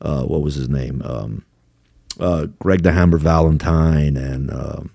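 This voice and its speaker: A man's voice: extremely low pitch, a little slow, vocal fry, dark tone, breathy edge, dry recording, studio quality. A man telling profane, laughing anecdotes in a casual podcast chat. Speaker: podcast co-host.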